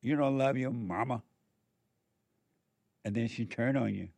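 Addressing the audience directly, a man delivers a repetitive, exhorting sermon. His medium-pitched voice is gravelly and darkish, a little slow, and the recording is dry.

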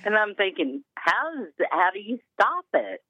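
A woman's voice: mid-range voice, very animated, moderate pace, pushed and bright, no room sound. A woman calling in to a radio show, talking in a rambling, hesitant, emotional way. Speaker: caller. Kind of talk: phone-in call. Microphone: telephone. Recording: tinny phone line.

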